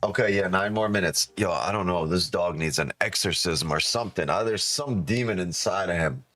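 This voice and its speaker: A man's voice: deep voice, moderate pace, no room sound. Guy on a live trading stream, swears constantly, cracks jokes, laughs a lot, dry close sound, music faint behind. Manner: loud, profane, joking, laughs often. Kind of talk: casual live stream chat.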